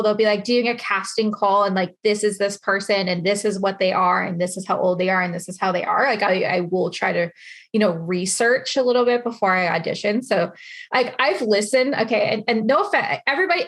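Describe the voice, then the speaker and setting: A woman hosting a casual interview, chatty and rambling, saying "like" constantly. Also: medium pitch. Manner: chatty, rambling, heavy use of "like". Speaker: interview host.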